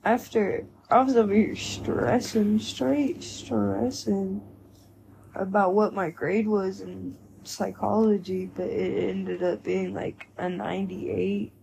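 A woman's voice: mid-range voice, little pitch movement, slow pace, gravelly, mellow, slight background noise. A young woman co-hosting a podcast in casual chat, blunt and laid-back, swearing freely. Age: young adult. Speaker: podcast co-host.

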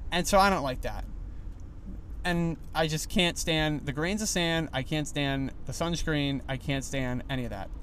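A young man hosting a solo podcast while driving, rambling in a loose, animated way with lots of fillers. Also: on the high side, a little hiss or hum. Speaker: podcast host. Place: inside a car.

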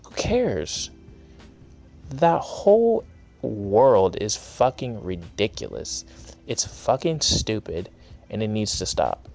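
A man's voice: lowish voice, very animated, takes it slowly, vocal fry, darkish tone, soft background music. A young man hosting his own podcast, ranting angrily with heavy swearing in a casual, heated way. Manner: angry, profane, ranting. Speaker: podcast host. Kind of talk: solo podcast rant.

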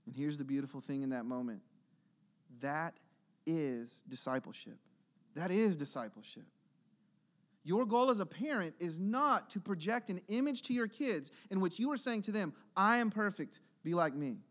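A man's voice: high-pitched, animated, moderate pace, a bit bright. A man preaching a sermon to a church congregation, earnest and rising to emphatic exhortation. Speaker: pastor.

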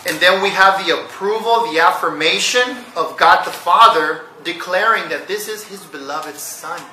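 A man delivers an earnest teaching sermon, often checking in with rhetorical questions. His voice is very bright and sits slightly high. He sounds set back from the mic in a roomy, echoey space. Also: normal speed, far from the mic, a little hiss or hum. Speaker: pastor.

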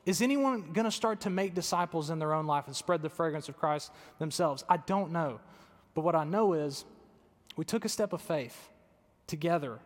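A man preaching from a pulpit with a fairly high voice, telling a story in a relaxed, conversational way. He pokes fun at himself but stays earnest. His voice rings out with a long reverb, as in a large hall. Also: moderate pace. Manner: conversational, self-deprecating, earnest. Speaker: pastor. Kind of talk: sermon storytelling.

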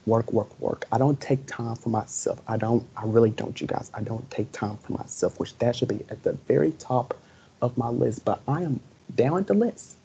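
A man's voice: medium pitch, creaky, mellow, slightly rough. A young man co-hosting a podcast, talking earnestly and emotionally and repeating his points over and over. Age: young adult. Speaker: podcast co-host. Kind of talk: casual podcast chat. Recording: dull lo-fi recording.

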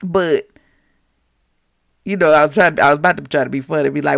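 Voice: mid-range voice, steady tone, brisk, creaky, no room sound, studio quality. A devotional podcast host, reading scripture with chatty, jokey asides. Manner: chatty, jokey asides, laughs at own slips. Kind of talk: casual Bible reading and commentary.

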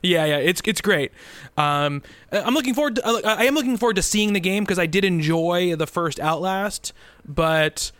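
Casual man with a smooth voice. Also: sits high, moderate pace, a bit bright, no echo. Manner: rambling, lots of "um" and restarts. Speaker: podcast co-host. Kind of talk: casual chat.

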